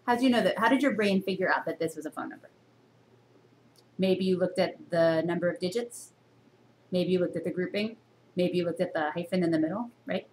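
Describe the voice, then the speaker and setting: A woman teaching a university reading course in a recorded lecture to a camera, asking her students many questions and jumping up in pitch to stress her points. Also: brisk, slight background noise. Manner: teacherly, full of rhetorical questions; expressive jumps in pitch for emphasis.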